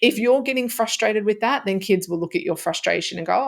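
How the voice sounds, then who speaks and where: A woman's voice: medium pitch, fairly quick, gravelly, few pauses. A middle-aged woman, hosting a solo podcast in a conversational way, often acting out short example phrases. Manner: conversational, with frequent fillers and acted-out example phrases. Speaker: podcast host and author.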